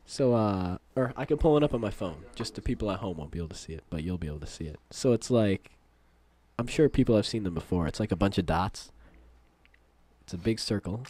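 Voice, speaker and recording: Young man, podcast host, casual chat, slightly low voice, easygoing. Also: expressive, brisk, warm tone, breathy edge. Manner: easygoing, joking, short reactions.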